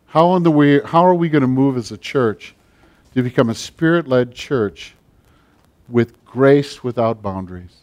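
Man, pastor, sermon, emphatic, loud-to-quiet swings, mid pitch. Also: lively intonation, measured pace. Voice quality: big build, speaks plainly. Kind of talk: sermon with closing prayer.

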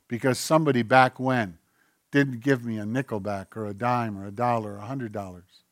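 Male pastor, sermon delivery, booming then hushed, close dry sound, mid pitch. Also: steady tone, fairly quick, no room sound. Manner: swings from loud declaring to hushed, near-whispered asides; acts out imagined voices of churchgoers and God.

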